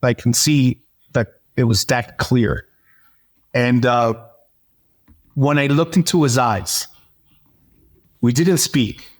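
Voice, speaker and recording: Guy telling his story on an interview, animated, stops and restarts a lot, mid-pitch voice. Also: slow, long pauses. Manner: animated storyteller, acts out dialogue; hesitant fillers and restarts. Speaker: interview guest. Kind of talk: personal testimony in conversation.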